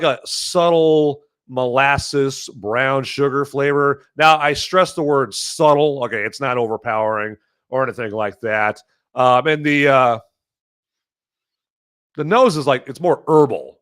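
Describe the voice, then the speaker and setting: Medium in pitch and a little bright, his voice carries a loose, joking ramble as he hosts a podcast reviewing beer. He talks casually, piling up fillers and correcting himself often.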